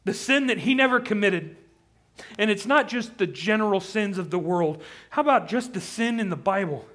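A pastor's high-pitched, expressive voice moves at a moderate pace through his sermon. Impassioned from the start, he rises to pleading intensity and nearly shouts his pleas when quoting.

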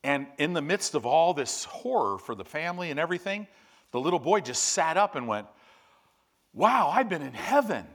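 Animated male preacher telling a story. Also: a little fast. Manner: storytelling, swings from loud animated bursts to low quiet emphasis. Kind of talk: sermon.

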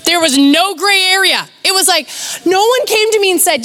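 A woman's voice: very high voice, moderate pace. A middle-aged woman pastor giving a live sermon in a church, telling stories with energy and acting out other people's voices. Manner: animated storytelling, acts out voices. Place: church sanctuary. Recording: live in a reverberant church hall.

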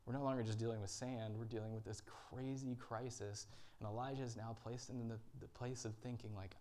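A male pastor preaching a sermon in a church, earnest and dramatic, with long pauses. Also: mid-range voice, steady tone, mellow, a little hiss or hum.

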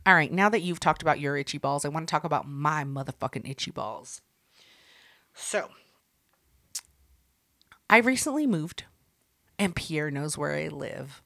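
A woman co-hosting a podcast, telling a profane story in casual banter with sudden loud outbursts. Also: low voice, animated, normal speed, creaky, long pauses. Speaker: podcast co-host.

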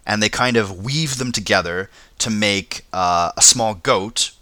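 A man's voice: on the low side, unhurried, bright, forceful tone, no room sound. A man hosting a casual comedy podcast, chatty, often stammering and laughing as he explains. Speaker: podcast host.

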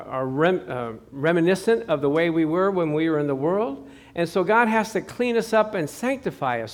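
A male pastor preaching a sermon with a notably high voice. He tells personal stories in a chatty, easygoing way and keeps calling out to the congregation for responses. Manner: chatty storytelling with crowd call-outs.

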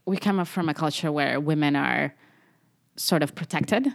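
A young adult woman, a doctor, talking in a relaxed podcast conversation, animated and acting out what people say. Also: deep voice, moderate pace, vocal fry. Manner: animated, acts out quoted speech. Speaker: medical doctor guest.

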